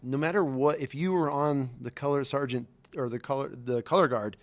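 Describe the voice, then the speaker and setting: A middle-aged former Marine spins stories on a podcast, animated and profane, loose with slang. His voice sits at an ordinary male pitch, and he slips into quick impressions of the people he describes. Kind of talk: casual storytelling.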